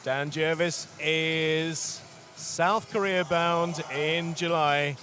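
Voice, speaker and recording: A man commentating live on a swimming race, lively and full of times and stats. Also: fairly high pitch, soft background music. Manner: lively, quick-talking, stats-heavy. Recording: loud crowd in the arena. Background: crowd noise.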